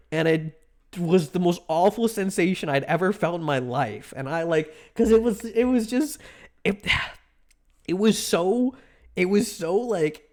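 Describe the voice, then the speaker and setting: A man streaming live, chatting with his viewers in a rambling, animated storytelling way, laughing often and poking fun at himself. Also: sits high. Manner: self-mocking, answers chat directly. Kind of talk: casual live-stream chat.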